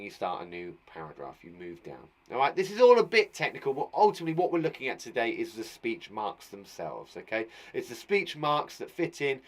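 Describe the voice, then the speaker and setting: A man teaching a children's punctuation lesson online, chatty and playful, with jokes between his explanations. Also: mid-range voice. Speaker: primary school teacher.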